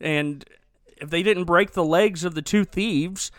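Speaking unhurriedly in a high-sitting voice, this man is recorded dry. He's a podcast co-host in a casual movie-review chat, sarcastic and joking and frequently laughing.

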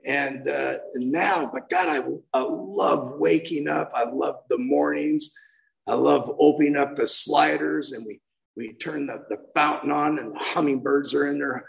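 A man's voice: a little high, unhurried, creaky, rough recording. A man in his sixties giving a heartfelt, rambling personal share as main speaker at a recovery meeting, often restarting his sentences.

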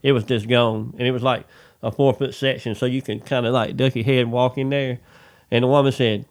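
A man, telling a rambling work story in casual chat, animated and swearing freely. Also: mid-range voice, a little fast. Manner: animated, swears freely, says "dude" a lot.

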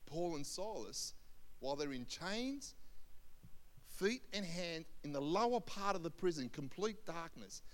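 A senior pastor with a slightly high, somewhat slow voice tells a Bible story during a sermon, animatedly acting out the voices of the people in it. He's in a church hall, and the recording carries a long hall reverb.

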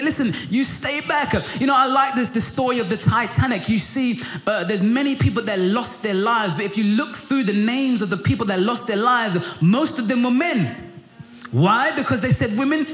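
Male preacher, high voice, passionate, echoey room. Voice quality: high for a man, lively and passionate, rising when pressed. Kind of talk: sermon. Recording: echoey room with faint music.

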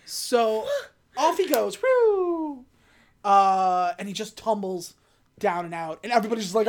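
A woman casually recapping a movie plot on a podcast, telling the story with lively energy and acting out the characters' lines. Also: medium pitch, measured pace. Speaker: podcast co-host recapping a film. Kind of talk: casual chat.

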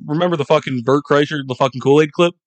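A man's voice: a little high, fast, dry recording. A young man guesting on a podcast, telling rambling stories with constant swearing. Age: young adult. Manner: rambling, swears a lot, laughs at himself. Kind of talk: casual storytelling.

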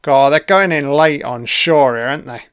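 A man's voice: a little high, moderate pace, a bit bright, clear, resonant tone. A man hosting a casual audio commentary over a film, with laid-back, profane running remarks.

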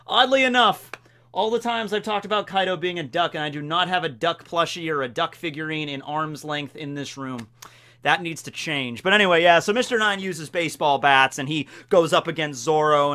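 A young man talking through an anime recap in a casual vlog, with enthusiastic, animated storytelling. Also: fairly high pitch. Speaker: anime commentator.

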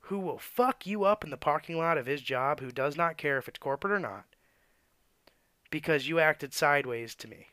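A man's voice: a little high, normal speed, bright, forceful tone, smooth, dry recording. A man who works as an auto mechanic, telling shop stories in a blunt, profane, ranting way. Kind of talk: casual storytelling rant.

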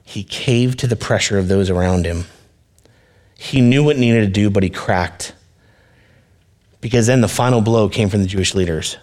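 A man's voice: lowish voice, normal speed, long pauses, a little mellow. Earnest conversational male pastor. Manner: conversational, earnest, direct address. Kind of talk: sermon.

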